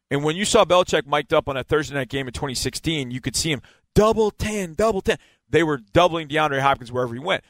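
A man's voice: mid-range voice, no room sound. A man giving a casual football breakdown, explaining and stressing key words again and again. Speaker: football analyst.

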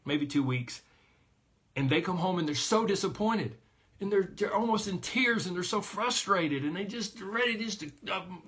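Bright-voiced energetic male coach. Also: high-pitched, moderate pace. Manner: energetic, emphatic, addresses listeners as guys. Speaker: weight loss coach. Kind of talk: coaching talk to a group.

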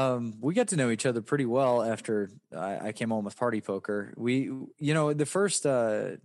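A man's voice: on the low side, gravelly, a little mellow, no room sound, studio quality. Southern man from West Virginia, rambling. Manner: rambling, many restarts and fillers. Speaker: guest, poker player. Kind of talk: casual interview chat.

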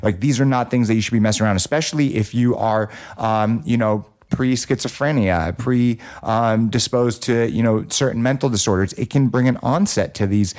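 A man's voice: mid-range voice, moderate pace, few pauses, a little mellow. A man hosting a casual podcast chat, telling a personal story in a loose, profane way full of fillers. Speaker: podcast host.

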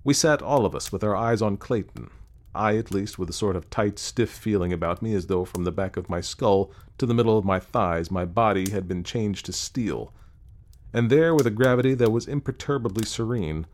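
Male audiobook narrator, low voice, measured dramatic storytelling. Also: darkish tone. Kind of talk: scripted narration.

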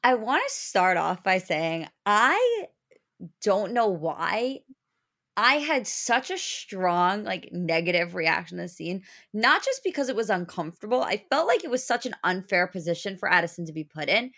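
A woman co-hosting a casual recap chat, earnest and opinionated, with a measured delivery. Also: mid-range voice, very animated, creaky, a bit bright. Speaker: podcast co-host.

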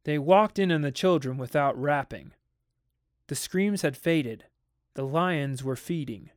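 A man narrating a dramatic audiobook in a measured way, slowing on ominous details. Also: a little high, lively intonation, no echo, clean studio sound.

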